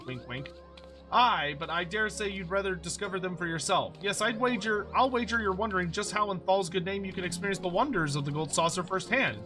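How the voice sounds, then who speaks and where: A man's voice: sits high, natural voice. A man voicing a boastful young gambler about town who speaks in a pompous, old-fashioned, flowery way, reading game dialogue aloud.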